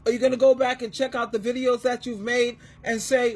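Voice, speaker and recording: Woman, middle-aged, high-pitched, husky, emphatic monologue, repeats herself, loud then soft. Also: level tone, brisk, few pauses. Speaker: advice coach and Christian counselor. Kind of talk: emotional monologue.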